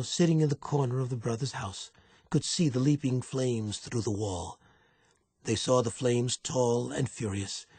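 Male audiobook narrator, raspy voice, dry booth sound, even delivery. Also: medium pitch, no room sound. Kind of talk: scripted narration.

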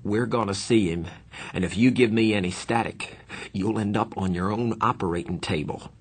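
A man's voice: lowish voice, moderate pace, slightly rough. A man reading a novel aloud, voicing a tough teenage hoodlum who talks with tense, breathless urgency. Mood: threatening.

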